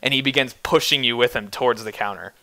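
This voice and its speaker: A young man narrating as game master, animated with frequent restarts. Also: medium pitch, fast talker, dry recording.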